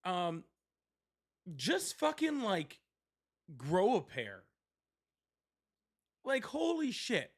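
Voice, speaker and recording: A man's voice: high voice, huge pitch swings, very slow, long pauses. A man hosting a political livestream from his seat at home, talking in a profane, sardonic, rambling way. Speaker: livestream political show host. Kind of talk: casual live-stream talk. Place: at home, seated.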